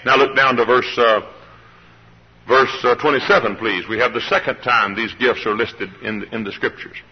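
A man's voice: mid-range voice, steady tone, normal speed, breathy edge, dull audio. A man preaching a sermon to a church congregation, directing members by name and calling for responses. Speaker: pastor. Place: church service.

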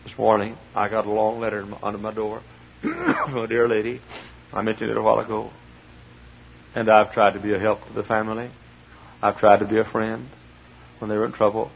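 A middle-aged male pastor preaching a sermon in a large church, swinging from quiet storytelling to loud shouting, with a husky voice. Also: fairly low pitch, brisk, pauses often, a little hiss or hum. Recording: dull lo-fi church recording.

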